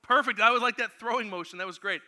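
A man with a high, strikingly bright voice preaches to a youth group in a church room. He talks with energy and playfully directs volunteers through an acted-out Bible story. The feel is of a lively youth sermon. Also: fast talker. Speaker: youth pastor.

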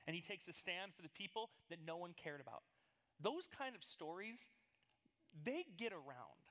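A man who is a youth pastor, preaching a casual, animated sermon to students and telling stories in a playful way. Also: high-pitched, moderate pace.

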